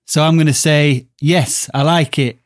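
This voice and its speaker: Offhand male panelist, slightly high voice. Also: fairly even intonation, unhurried. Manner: laid-back, offhand. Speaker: comic panelist, takeaway owner. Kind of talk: comedy radio banter.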